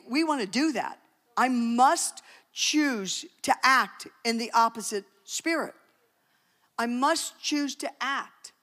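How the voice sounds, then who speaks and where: A woman's voice: a little high, a bit bright. Chatty woman preaching a sermon. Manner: conversational, joking asides, emphatic. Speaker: speaker at a church talk.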